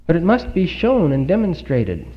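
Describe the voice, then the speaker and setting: A man's voice: a little high, huge pitch swings. Man preaching on an old lo-fi recording. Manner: earnest, rhetorical questions, dramatic pauses. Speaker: speaker giving a Bible talk. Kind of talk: sermon. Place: congregation hall. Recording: dull lo-fi 1950s recording.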